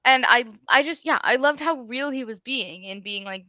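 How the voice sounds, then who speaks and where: A woman's voice: a little high, very animated, brisk, hardly any pauses, pushed and bright, no room sound. A woman guest on a live discussion show, giving her opinions with enthusiasm in casual chat. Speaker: guest panelist. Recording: dull lo-fi audio.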